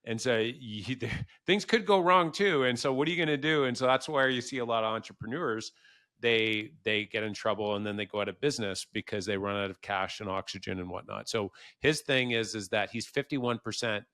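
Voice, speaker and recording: A man's voice: on the low side, brisk, bright, forceful tone, no echo, clean studio sound. A man hosting a podcast interview, talking casually and animatedly, acting out quoted thoughts with laughter. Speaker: podcast host. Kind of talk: conversational interview.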